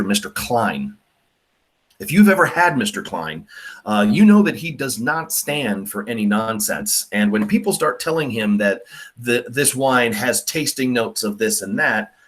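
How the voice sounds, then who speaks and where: Animated male teacher, lively pitch. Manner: animated, mocking, lots of fillers. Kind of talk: classroom lecture.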